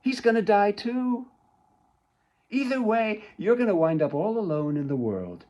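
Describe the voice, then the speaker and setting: A man's voice: sits high, expressive, unhurried, darkish tone, pitched above the performer's own voice, poor audio. A man reading aloud as a resentful grown daughter who speaks in a heated, accusing way. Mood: taunting. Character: bitter grown daughter, sharp-tongued and resentful.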